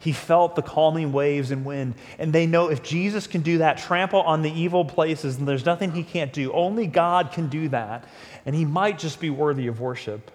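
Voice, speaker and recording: A male pastor preaching a sermon, telling the story with animated, acted-out quotes. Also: fairly high pitch, normal speed, in a large hall.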